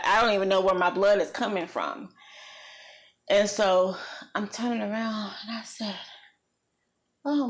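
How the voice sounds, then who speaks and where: A woman vlogger recounting a personal experience in an earnest, reflective way, slow and halting with many pauses. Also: medium pitch. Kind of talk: personal storytelling.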